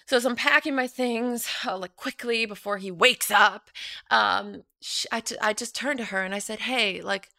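A woman's voice: a little high, moderate pace, sharp tone, no echo, studio quality. A young woman telling a personal story as a guest in a casual chat. She laughs often and acts out what people said.

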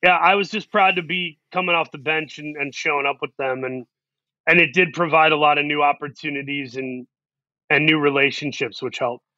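Animated storytelling man, bright tone. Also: on the high side, moderate pace, dry recording, dull audio. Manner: animated anecdotes with quoted asides. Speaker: actor guest. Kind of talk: storytelling interview.

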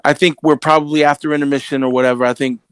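Dude with a kinda high voice, all worked up telling a funny story, dry sound. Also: male voice, very fast, clear, resonant tone, dry recording. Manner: lively, gets worked up, swears. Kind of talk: casual storytelling chat.

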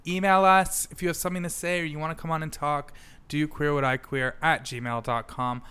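Bright-voiced Canadian man, joking. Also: a little high, little pitch movement, fairly quick, clear, resonant tone. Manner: joking, self-deprecating. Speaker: podcast co-host. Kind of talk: casual chat.

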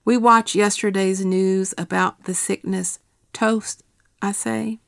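Gravelly middle-aged woman reading an essay. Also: mid-range voice, dry recording, clean studio sound. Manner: quiet, measured, steady delivery. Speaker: essayist reading her own work. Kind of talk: reading a personal essay aloud.

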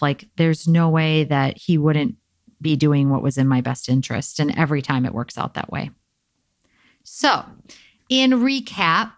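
Low-voiced woman, candid spiritual talk. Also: no room sound, clean studio sound. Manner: candid, conversational, uses filler "like" and "um". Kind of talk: casual spiritual self-help talk.

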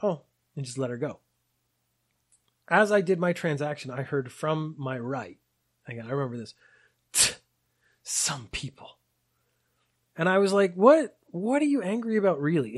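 A man's voice: medium pitch, slightly rough. A man in his forties telling personal anecdotes in a reflective, wry, digressive way. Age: 40s. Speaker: storyteller.

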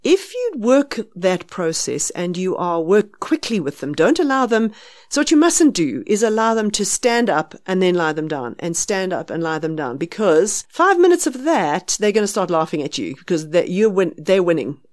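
South African woman, lowish voice, firm practical sleep-advice explainer for a podcast. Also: sing-song, moderate pace. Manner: explains firmly, acts out soothing a baby in a hushed voice.

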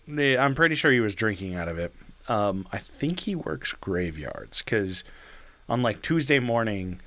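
A young man telling a story casually, with plenty of fillers and curses. His voice sits at an ordinary middle pitch and sounds close and dry. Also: fairly bright tone, no echo. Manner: rambling, with many fillers and swearing.

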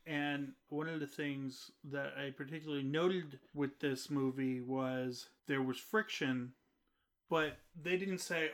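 A man co-hosting a casual movie review podcast, speaking in an easygoing, halting way with many fillers. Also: mid-range voice, fairly even intonation, fairly bright tone. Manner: easygoing, hesitant, full of fillers. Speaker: podcast co-host.

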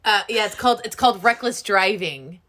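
A woman in casual chat, reacting with quick questions and laughs. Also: medium pitch, expressive, a bit bright.

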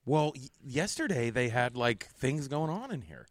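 A man's voice: mid-range voice, sing-song, normal speed, no room sound, studio quality. A man, a comedian hosting a podcast, rambling through comedic stories and laughing at his own bits, recorded in a large empty hotel conference room. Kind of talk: casual comedic banter.

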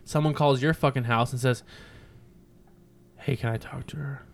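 A man in casual podcast chat, telling stories in a brash, profane, animated way. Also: medium pitch, normal speed, creaky.

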